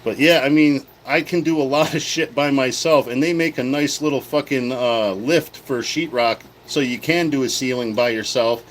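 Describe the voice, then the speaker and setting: A man's voice: medium pitch, normal speed, hardly any pauses, a little hiss or hum, low-quality recording. A man on a livestream telling a casual, profane story in a blunt, heated way. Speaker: livestream host.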